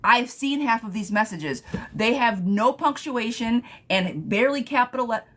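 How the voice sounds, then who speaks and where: A woman's voice: on the high side, lively intonation, normal speed. A young adult woman giving a casual live tarot reading, chatty, laughing often and swearing lightly. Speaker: tarot reader. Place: home, streaming live.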